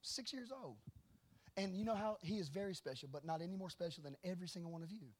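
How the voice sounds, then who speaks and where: A middle-aged man preaching a sermon and telling stories, swinging from hushed asides to loud declarations. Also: high voice, racing. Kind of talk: sermon with storytelling.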